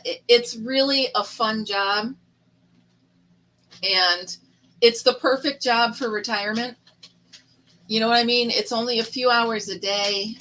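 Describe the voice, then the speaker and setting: A woman's voice: mid-range voice, sharp tone, rough recording. A middle-aged woman hosting a casual live chat stream, telling stories in a chatty way and laughing often.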